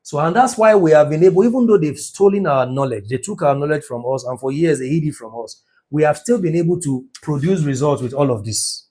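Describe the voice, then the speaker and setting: A man's voice: on the high side, a little fast, darkish tone, husky. A middle-aged man teaching business numerology in an impassioned lecture, stressing words by drawing them out and asking rhetorical questions.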